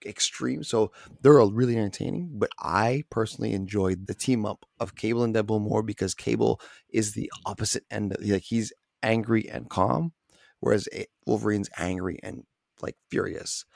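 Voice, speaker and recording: Brief: low, gravelly-voiced man co-hosting a podcast, animated opinions, dry close recording. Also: dry recording. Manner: quick, animated film opinions. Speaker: podcast co-host. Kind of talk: casual chat.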